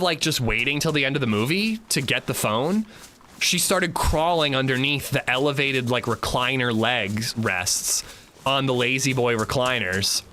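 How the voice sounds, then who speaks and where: A man hosting a casual livestream, telling animated, profane stories while playing and chatting with viewers. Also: medium pitch, a little hiss or hum. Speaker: livestream host.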